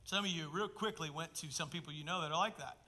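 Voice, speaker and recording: Bright, forceful preaching pastor. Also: male voice, fairly high pitch, fast talker. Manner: emphatic preaching with sudden loud bursts and hushed asides. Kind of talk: sermon.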